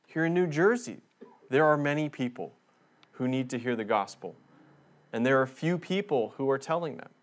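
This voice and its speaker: A man's voice: medium pitch, animated, normal speed. A man speaking as a visiting missionary in a church, preaching earnestly and building emphasis as he makes his points. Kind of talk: sermon.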